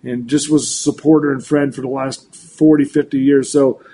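Older male weather forecaster in his sixties, animated, restarting sentences, faint background noise. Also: mid-range voice, normal speed. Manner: animated, full of restarts and repeats. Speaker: meteorologist guest. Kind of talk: casual talk show chat.

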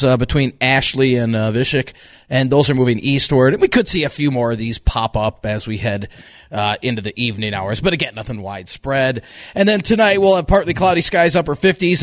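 A man giving a radio weather forecast in a relaxed, chatty way, often pausing with "uh". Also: medium pitch, dry recording, clean studio sound. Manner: relaxed, chatty delivery with frequent uh fillers. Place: radio studio.

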